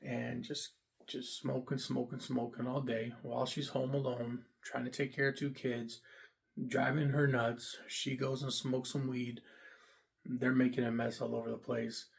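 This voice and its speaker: A man's voice: medium pitch, flat delivery, a little slow, gravelly. A young man giving a blunt, profane, rambling casual rant about dating, full of fillers. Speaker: vlogger giving dating opinions. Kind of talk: casual ranting monologue.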